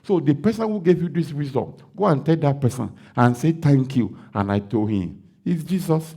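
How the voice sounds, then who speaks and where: A Nigerian man, a pastor, preaching a sermon and acting out the dialogue of a story he tells, breaking into loud declarations. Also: a little high, lively intonation, normal speed, few pauses.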